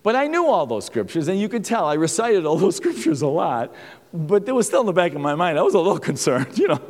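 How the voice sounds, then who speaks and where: A man's voice: high voice, very animated, fast, darkish tone. A man telling a faith story as a sermon, acting out the dialogue and chuckling as he goes. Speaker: speaker giving a testimony talk. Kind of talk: sermon-style personal testimony. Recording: long reverb of a large hall.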